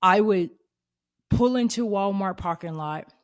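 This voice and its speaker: A woman in her thirties hosting a faith podcast, telling a personal story in an earnest, expressive way and acting out the voices in it. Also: medium pitch, unhurried. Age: 30s. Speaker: podcast host.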